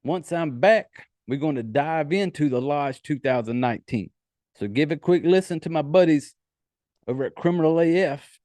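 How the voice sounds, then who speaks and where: Animated and fairly high-pitched, a Southern man hosts a casual solo podcast at a moderate pace, rambling and laid-back with profane asides. His tone is a little mellow, and there's no echo.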